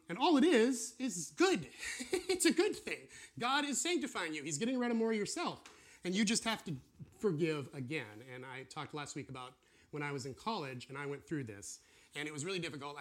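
A man teaching a casual sermon, drawing on a board as he talks and acting out what God and believers say. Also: on the high side. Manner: animated, acts out voices of God and believers. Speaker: preacher teaching a series.

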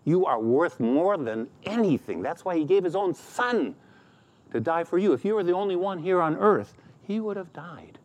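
A man's voice: high-pitched, sing-song, moderate pace, a little mellow. A middle-aged man preaching a sermon as pastor, acting out quoted complaints in a raised voice.

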